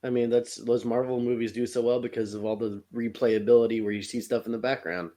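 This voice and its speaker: A man's voice: mid-range voice, steady tone, brisk, mellow. A young man co-hosting a podcast in casual, jokey chat, laughing easily. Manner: laid-back, jokey, laughs often. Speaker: podcast co-host.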